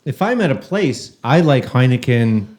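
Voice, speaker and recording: A man's voice: medium pitch, big pitch swings, moderate pace, darkish tone. Contrarian man, trailing off mid-thought. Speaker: podcast co-host. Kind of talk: casual chat.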